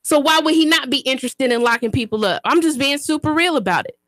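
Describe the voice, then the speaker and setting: A high-pitched woman, talking into a studio microphone on her own radio show. She speaks with emphatic, preacher-like repetition. The sound is close and dry. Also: animated, fast talker, a bit bright, no room sound. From Chattanooga, Tennessee, US. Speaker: radio show host and community activist. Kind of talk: impassioned talk radio monologue.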